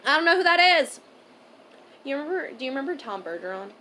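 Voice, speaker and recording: A young woman co-hosting a casual podcast chat, blunt and profane, swinging from loud outbursts to mumbled asides. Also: high-pitched, sing-song, fast talker, slight background noise. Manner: blunt, swears often, jumps between loud and mumbled. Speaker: podcast co-host.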